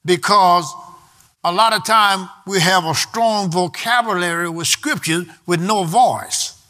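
A man's voice: high voice, measured pace, sharp tone. A man preaching a sermon emphatically and calling out to the congregation for responses. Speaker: pastor.

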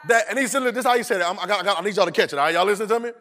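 Male preacher, AAVE, high voice, playful call-and-response, acts out lines. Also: very fast, pushed and bright. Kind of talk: sermon.

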